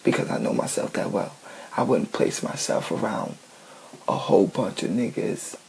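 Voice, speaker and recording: Gravelly, blunt, profane man ranting. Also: fairly low pitch, animated, moderate pace, darkish tone, a little hiss or hum, low-quality recording. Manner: blunt, profane, emphatic, often says "you know what I'm saying". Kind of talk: casual ranting monologue.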